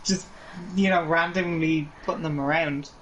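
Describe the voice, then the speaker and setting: A woman streamer in casual chat while gaming, reacting to stories with quick, supportive comments. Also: low-pitched, fairly even intonation, a loud crowd, poor audio.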